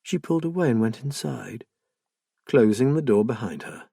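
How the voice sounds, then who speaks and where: A man narrating an audiobook mystery in a measured, expressive storytelling manner. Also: medium pitch, vocal fry, slightly rough, no echo, studio quality.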